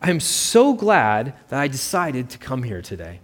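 A man voicing a self-absorbed, ambitious middle-aged mother who talks in a brisk, dismissive way. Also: medium pitch, wildly swooping pitch, husky, heavily acted. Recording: long reverb.

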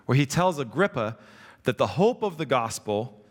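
Male pastor, relaxed sermon delivery, middle pitch, reverberant sanctuary sound. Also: normal speed. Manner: conversational, asks the congregation "right?" often. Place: church sanctuary. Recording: long reverb of a hall.

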